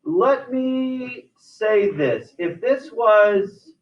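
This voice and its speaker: A man's voice: sits high, expressive, extremely slow. A man teaching a math class, explaining algebra steps one at a time with frequent restarts. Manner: explains step by step, with many restarts. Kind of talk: classroom lecture. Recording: roomy, distant, dull lo-fi sound.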